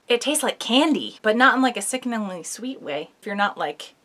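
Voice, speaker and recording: A woman's voice: on the high side, big pitch swings, a little fast, hardly any pauses, a bit bright. A young woman talks through a sewing project in a casual, rambling way. She keeps cracking jokes at her own expense. She is recording on a camera mic in a costume workshop. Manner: chatty, self-mocking, rambling asides. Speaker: sewing vlogger. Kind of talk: casual tutorial chat.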